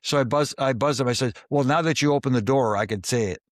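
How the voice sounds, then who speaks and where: A former wrestling referee tells casual backstage stories in an interview, speaking quickly at medium pitch with no echo. He acts out the quoted dialogue in his tales.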